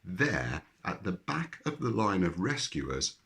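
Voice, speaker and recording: A man reading a children's story aloud with lively, expressive narration. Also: sits low, slow.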